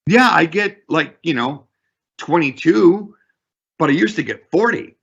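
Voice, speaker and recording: A man acting out a male broker who hesitates and rambles through fillers, his voice lifted higher than usual and pressed forward. The sound is husky. It comes through a dull, lo-fi recording. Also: animated, unhurried, fairly bright tone, exaggerated voice. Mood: hesitant.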